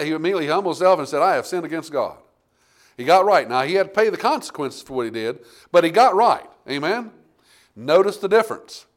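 A man preaching a sermon, reading King James scripture and calling out to the congregation, with big swings between loud and quiet. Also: fairly high pitch. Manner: animated preaching with big swings in loudness, asking the congregation "Amen?".

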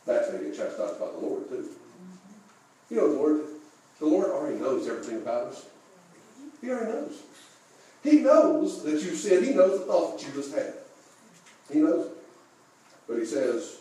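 A high-pitched male pastor delivers a folksy sermon, chuckling through his own stories and asking the congregation questions. He is picked up from a distance in a very echoey church room. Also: big pitch swings, normal speed, pauses often, mellow. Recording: echoey room, mic far off.

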